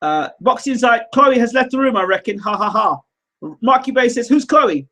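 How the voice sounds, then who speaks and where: A man hosting a casual live show, reading viewer comments aloud in an animated, teasing, rambling way. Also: very high voice, moderate pace. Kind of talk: casual livestream chat.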